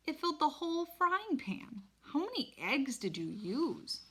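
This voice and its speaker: A woman's voice: high-pitched, very animated, measured pace, pushed and bright, voice pushed up, exaggerated voice. A woman voicing a wary fourth-grade boy who speaks in a doubtful, plain-spoken way.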